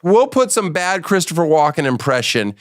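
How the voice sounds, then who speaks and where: Middle-aged male comic host, deadpan and teasing, recorded dry and close. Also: on the high side, normal speed, no echo. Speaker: podcast host. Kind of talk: casual comedic interview.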